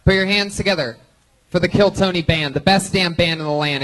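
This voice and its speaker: Hype comedy show host, higher voice. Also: male voice, a little fast, rough recording. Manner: energetic, hype announcer. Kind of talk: live comedy show hosting.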